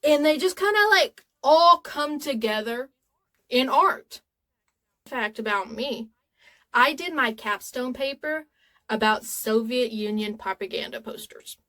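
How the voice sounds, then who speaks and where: A woman's voice: high-pitched, lively intonation, a little slow, bright, forceful tone. A woman in her twenties talking casually to camera in a rambling, chatty, earnest way. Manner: earnest and openly emotional. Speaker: vlogger.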